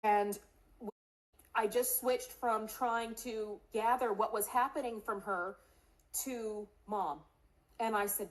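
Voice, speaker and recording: A woman's voice: on the high side, fairly even intonation, takes it slowly, low-quality recording. Earnest woman telling a personal story. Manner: earnest storytelling, acting out quoted voices. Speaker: congressional candidate.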